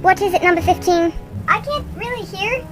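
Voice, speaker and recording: A woman's voice: very high voice, normal speed. A woman playing a timid senator at the back of the room, mumbling and apologetic.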